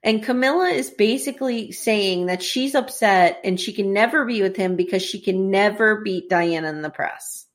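A woman casually chatting as a podcast co-host, telling the story in an animated way and acting out quotes. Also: mid-range voice, normal speed, few pauses. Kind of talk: casual chat recapping a TV series.

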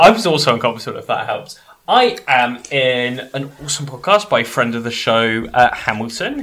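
A man's voice: mid-range voice, pushed and bright. A British man chatting casually on a gaming podcast, stumbling over restarts and laughing easily. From Britain. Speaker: podcast player and host. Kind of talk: casual chat.

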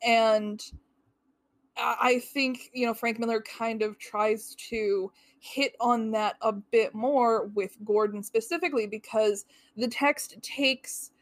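A woman's voice: on the high side, steady tone, takes it slowly, no room sound, studio quality. A woman co-hosting a podcast, working through her notes with wry, thoughtful commentary. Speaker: podcast co-host. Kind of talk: casual comic-book analysis.

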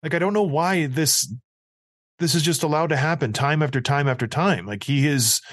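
A man's voice: a little high, moderate pace, fairly bright tone, no echo, studio quality. A man co-hosting a casual chat, blunt and emphatic with a mocking edge. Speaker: podcast co-host.

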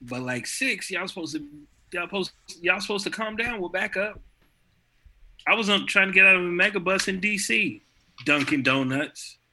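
A man's voice: high voice, expressive, moderate pace, pushed and bright, a little hiss or hum. A man chatting casually on a podcast in loose, slangy speech. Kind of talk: casual chat.

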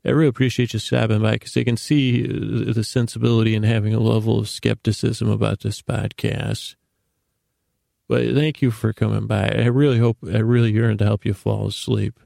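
A man hosting a bedtime podcast, rambling in a meandering, self-deprecating way with a creaky voice, often stumbling and repeating words. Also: lowish voice, flat delivery, moderate pace, dark tone, dry recording, clean studio sound. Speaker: podcast host.

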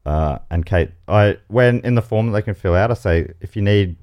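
An Australian man with a voice on the low side hosts a comedy game show podcast at normal speed. He playfully reads out quiz questions, throwing in animated asides.

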